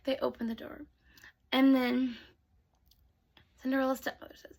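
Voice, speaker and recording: A woman telling bedtime stories to children in a soft voice that often drops to a whisper. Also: high voice, flat delivery, moderate pace, vocal fry. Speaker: storyteller. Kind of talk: bedtime storytelling.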